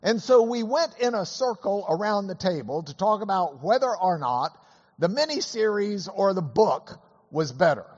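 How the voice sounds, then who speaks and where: A hoarse man who is ill, teaching a Bible class through a chatty anecdote with many fillers. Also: sits high, big pitch swings, normal speed, long reverb tail, dull audio. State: hoarse from illness. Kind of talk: storytelling lesson.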